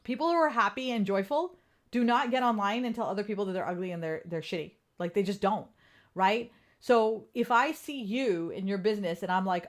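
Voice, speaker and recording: A woman coach talking casually and candidly on a live stream, animated and swearing freely. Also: medium pitch, normal speed.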